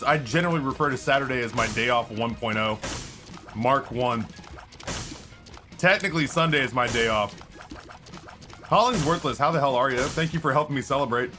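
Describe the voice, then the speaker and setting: A man chatting casually on a game live stream, rambling and often correcting himself. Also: medium pitch. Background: background music.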